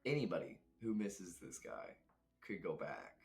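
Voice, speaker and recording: A man's voice: low-pitched, sing-song, a little slow, vocal fry. A young man, a guest telling rambling, reflective stories in casual chat. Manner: rambling, reflective, laughs often.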